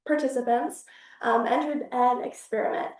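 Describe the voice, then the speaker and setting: A young woman with a fairly high voice presents her student research in a casual, upbeat way, often pausing on fillers. She sounds a bit distant from the microphone, and the room has a noticeable echo. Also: fairly even intonation. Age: young adult. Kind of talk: academic research talk. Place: university seminar room. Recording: echoey room, speaker far from mic.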